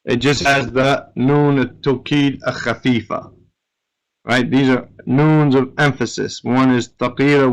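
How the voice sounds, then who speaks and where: A man teaching a grammar class in a smooth, clear voice at a slow, unhurried pace. He breaks each rule down step by step and keeps checking with his listeners. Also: medium pitch, fairly bright tone, poor audio. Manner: explains step by step, often checking with "right?".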